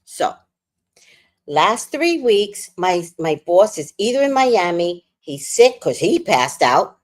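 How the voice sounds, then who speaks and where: A woman telling a storytime rant on her livestream, animated, worked up and swearing freely. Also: fairly low pitch, slow pace. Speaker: livestream host.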